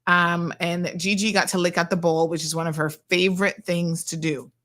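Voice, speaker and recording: A woman's voice: fairly low pitch, flat delivery, moderate pace, a bit bright. Chatty woman hosting radio. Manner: chatty, playful, reads out listener messages. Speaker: radio show host. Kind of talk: casual chat with listeners. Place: radio studio.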